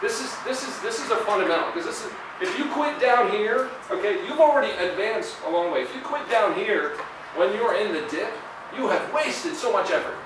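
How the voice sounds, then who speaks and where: High-voiced man lecturing in an echoey hall. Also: lively intonation, brisk, background noise. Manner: conversational, many fillers and tag questions. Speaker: guest lecturer. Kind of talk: university career talk. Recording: echoey hall, far from mic.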